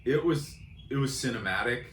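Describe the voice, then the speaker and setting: A man's voice: medium pitch, animated, normal speed, a bit bright, reverberant, slight background noise. A man in his thirties co-hosting a podcast, chatting casually and comically, rambling and self-deprecating. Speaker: podcast co-host. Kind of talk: casual comedic chat.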